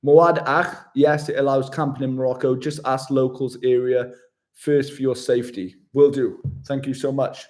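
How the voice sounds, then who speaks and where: A man's voice: medium pitch, little pitch movement, normal speed, a little mellow. A man, chatting casually with viewers on a live travel stream, upbeat and chummy, calling them mate. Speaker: travel vlogger. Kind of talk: casual livestream chat with viewers.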